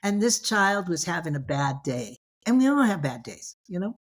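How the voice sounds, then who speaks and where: An older woman with a slightly low voice tells stories on an interview show. She rambles from one thought to the next, peppering her talk with "you know" and restarting her sentences. She slips into the voices of the people she quotes. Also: big pitch swings, normal speed. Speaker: guest. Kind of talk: casual interview storytelling.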